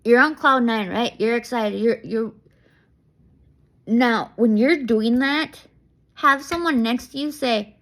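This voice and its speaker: Excitable rambling young woman, creaky voice. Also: on the high side, takes it slowly, long pauses. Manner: rambling, excitable, laughs often, many restarts. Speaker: vlogger. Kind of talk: casual talking-to-camera vlog. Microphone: camera mic.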